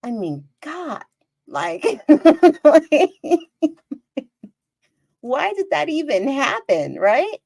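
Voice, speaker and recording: Her voice is high, creaky and drawn out, broken by long pauses, as she hosts her own podcast with no room sound. Still, she narrates casually and animatedly, exclaiming often and re-enacting scenes.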